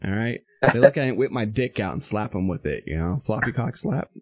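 A man's voice: fairly low pitch, brisk. A man hosting a podcast, telling a profane road-rage story with lots of swearing and quoted back-and-forth. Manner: profane, animated storytelling, acts out quoted voices. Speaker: podcast host. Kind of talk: casual podcast chat.

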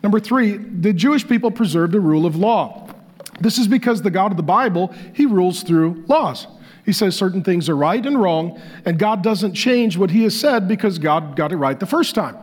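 A male pastor delivering a sermon, reading facts aloud and breaking into animated, joking asides. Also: sits high, normal speed. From Irish descent.

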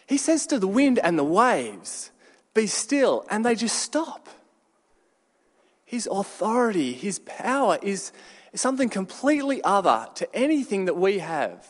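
A man preaching a sermon, telling a story with dramatic pauses and sudden shouted bursts. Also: sits high, sing-song. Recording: long hall reverb.

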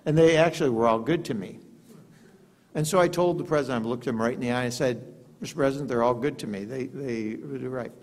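An older man delivers an after-dinner keynote, spinning anecdotes with a dry, self-deprecating humor. His voice sits at an ordinary middle pitch. It carries the long echo of a hotel ballroom. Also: quick pace, darkish tone. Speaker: keynote speaker. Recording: echoey hall.

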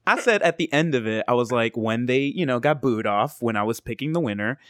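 A man from Cuba who hosts strip shows, chatting with friends in a sassy, teasing way with quick comebacks. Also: medium pitch, animated, a bit bright, no room sound, studio quality. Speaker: strip show host and co-host. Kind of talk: casual gossipy chat.

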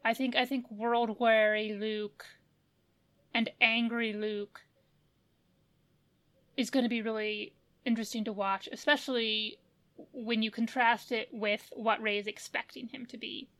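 A woman's voice: a little high, little pitch movement, measured pace, a bit bright. A woman co-hosting a podcast in casual chat, thoughtful, often restarting and hedging her points. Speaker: podcast co-host.

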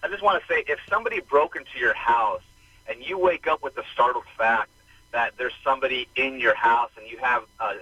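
A man's voice: mid-range voice, fairly quick, bright, forceful tone, slightly rough. A man calling in to a talk radio show, earnestly arguing his point. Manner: earnest, argumentative. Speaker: caller. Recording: distant, muffled phone line.

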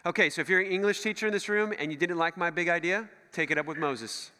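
A middle-aged man preaches in a high, bright voice that swings up and down, animated and joking as he acts out the voices he quotes. His sermon rings with a long church hall reverb. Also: quick pace, clear, resonant tone. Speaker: pastor.

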